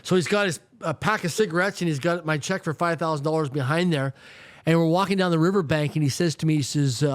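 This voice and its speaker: A man from Canada, a guest telling a story in an interview, animated and often repeating words as he goes. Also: fairly high pitch, quick pace, dry recording, clean studio sound.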